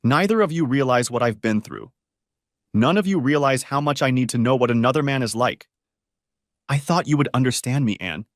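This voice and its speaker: A man's voice: lively intonation, moderate pace, dry recording, clean studio sound, close to an everyday voice. A man putting on a tearful, pleading wife. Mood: shrieking. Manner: emotional, shrill outbursts.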